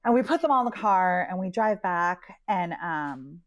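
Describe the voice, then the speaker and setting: A woman who runs a dog rescue, telling a story in a lively, chatty way and acting out the quotes. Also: fairly low pitch, moderate pace. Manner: animated, chatty, lots of "like" and acted-out quotes. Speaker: dog rescue owner and pet matchmaker. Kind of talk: storytelling in an interview.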